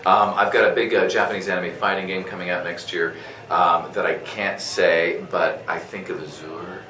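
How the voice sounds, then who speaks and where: A male voice actor, a guest at a convention interview, telling a story in a lively way, full of fillers, restarts and laughter. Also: low voice, normal speed, reverberant, recorded from a distance, low-quality recording. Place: convention room.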